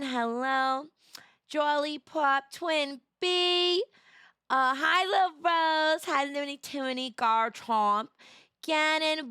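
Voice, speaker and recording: A young woman streamer in casual chat, her voice tired and in need of rest, chatty and greeting viewers by name with sudden bursts of excitement. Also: sits high, clear, resonant tone, dry recording, studio quality.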